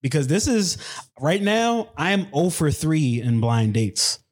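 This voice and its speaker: A man's voice: a little high, sing-song, measured pace. A man who is a guest on a podcast, telling a dating story casually in a loose, slangy way with many restarts.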